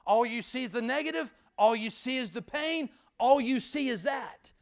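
A man preaching a sermon as pastor, with rhythmic repetition and sudden drops from loud to hushed. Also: very high voice, normal speed.

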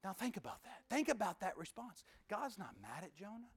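A man preaching a sermon in a folksy, conversational way, swinging from loud emphatic bursts to hushed near-whispers. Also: sits high, sing-song, brisk, husky. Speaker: pastor.

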